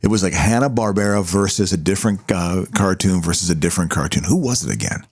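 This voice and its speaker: Middle-aged man, husky voice, lively pitch, halting casual podcast chat. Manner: halting, repeats words, stumbles. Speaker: podcast co-host.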